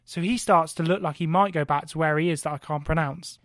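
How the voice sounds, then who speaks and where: Excitable, sweary podcast storyteller. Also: male voice, on the high side, brisk, no room sound, studio quality. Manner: excitable, heavy swearing, rhetorical questions. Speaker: podcast co-host. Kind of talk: animated comic history storytelling.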